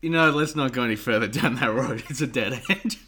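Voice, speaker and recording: A man co-hosting a relaxed podcast chat. He cracks puns, teases his co-host and laughs easily as he talks. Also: mid-range voice, brisk, slightly rough. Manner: jokey, punning, laughs often. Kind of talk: casual chat.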